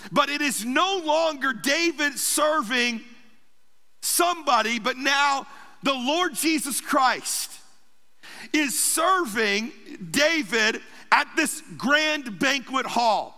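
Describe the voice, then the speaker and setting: A man's voice: very high-pitched, expressive, takes it slowly, sharp tone. A man preaching a sermon as pastor, emphatic and repetitive, building phrase on phrase. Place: church sanctuary. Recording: church hall reverb.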